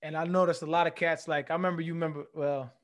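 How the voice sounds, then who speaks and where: A man from California with a fairly high voice tells a story as a podcast guest. He talks loosely and with energy, and he acts out the quotes in his stories. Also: flat delivery, fast. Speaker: guest, former athlete. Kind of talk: casual interview storytelling.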